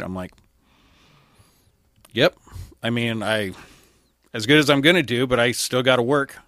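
A man's voice: lowish voice, a bit bright, no echo, studio quality. A young man, a firefighter and podcast guest, telling his story candidly and casually, quoting what others said to him.

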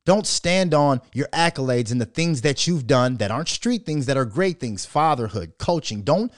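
Animated, profane man talking off the cuff. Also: a little high, dry recording, studio quality. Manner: animated, profane, rambling with restarts. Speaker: show host. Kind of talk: casual commentary monologue.

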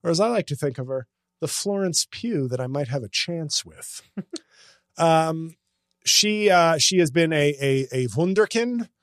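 A man's voice: a little high, lively intonation, measured pace, dry recording, studio quality. A man hosting a casual comedy podcast, talking in a sarcastic, ranting, self-mocking way.

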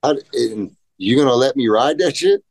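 A middle-aged man and pro skateboarder, telling stories in casual chat, animated and profane, acting out quotes in voices. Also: medium pitch, normal speed, creaky, no echo.

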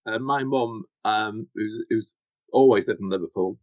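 A man co-hosting a casual podcast, making his points in a dry, deliberate way. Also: on the low side, no echo. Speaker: podcast co-host. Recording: dry, slightly dull podcast audio.

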